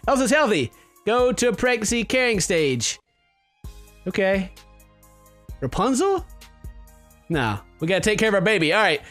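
Young man, gaming commentary, goofy and teasing, fairly high voice, faint music underneath. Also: animated, normal speed, pauses often, fairly bright tone. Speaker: gaming video host. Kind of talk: joking game commentary.

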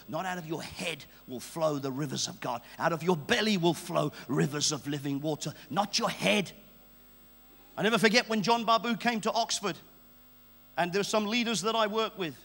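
An Englishman in his fifties preaches a fervent sermon in a large church hall, leaning on repeated call-and-response phrases. His fairly high voice is a bit bright with vocal fry, and the recording is echoey with mains hum.

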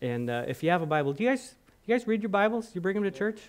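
A man preaching a sermon in church, telling a Bible story with animated acted-out quotes and questions to the congregation. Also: high voice, fast talker. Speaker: guest preacher. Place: church hall.

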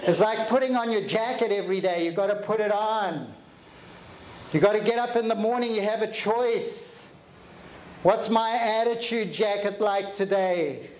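A man giving an energetic, animated motivational talk, telling stories and joking with a live audience in a hall. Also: high voice, moderate pace. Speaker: motivational speaker. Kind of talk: keynote storytelling to a live audience. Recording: echoey hall with faint ambience.

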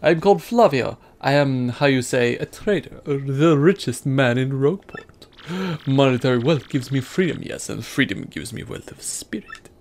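Man putting on a vain rich trader, fake French accent, grandiose, gravelly edge. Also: mid-range voice, lively intonation, moderate pace, a little mellow, lightly acted. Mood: pompous. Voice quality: grandiose, theatrical. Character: pompous vain male wealthy trader. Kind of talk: let's play voicing game characters.

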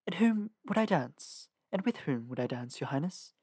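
A man's voice: a little high, animated, moderate pace, darkish tone, husky, no echo. A man reading the lines of a reserved young male guard captain with a dry manner. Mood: wistful.

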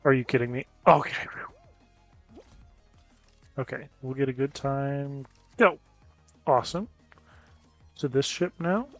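A man giving casual gameplay commentary as a gaming YouTuber, chatting with viewers and reacting out loud to close calls. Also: mid-range voice, slow, pauses often, no echo, faint music behind. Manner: chatty, reacts loudly to near misses.

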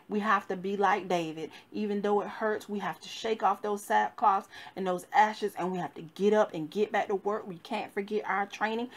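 A woman minister giving a devotional sermon, fervent and rising and falling with emphasis, at times soft and grieving. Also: medium pitch.

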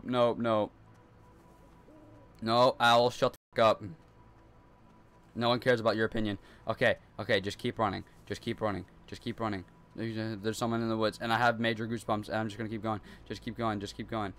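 A man's voice: on the low side, clear, resonant tone. A young man playing a horror game in his hot bedroom, talking nervously to himself and repeating lines as he runs. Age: teens. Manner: nervous, repetitive self-talk. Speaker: gaming YouTuber.

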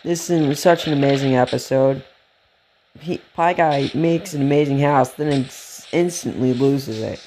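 A man giving casual, rambling commentary while playing a game, gasping and getting excited at cute animals. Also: medium pitch, measured pace, a little hiss or hum. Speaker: let's play gamer.

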